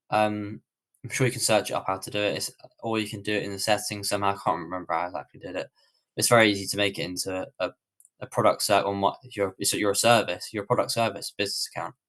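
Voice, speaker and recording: A man's voice: on the low side, fairly bright tone. A man with a British accent answering viewer questions on a livestream tutorial, in a casual, rambling way with many fillers and restarts. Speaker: online coach.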